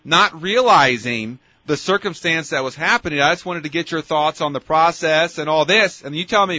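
A man's voice: on the high side, moderate pace, few pauses, pushed and bright, no echo, muffled recording. A male radio host asking questions in a friendly, folksy manner. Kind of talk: radio interview.

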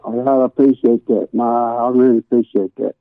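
A man calling in to a radio show to give an earnest, measured spoken prayer. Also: medium pitch, fairly even intonation, no room sound. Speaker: guest giving a prayer. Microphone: telephone. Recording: tinny phone line.

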